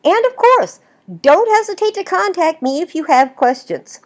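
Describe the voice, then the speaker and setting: In a recorded video lecture for a writing class, a woman with a very high-pitched voice talks at normal speed. Lively and explanatory, she goes on at length and keeps asking "right?"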